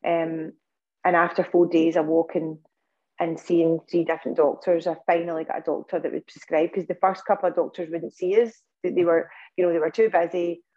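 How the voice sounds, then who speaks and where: A woman's voice: fairly low pitch, mellow, muffled recording. A Scottish woman, a podcast guest, telling a long personal story in casual interview talk, with earnest pacing and many fillers and restarts. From Scotland.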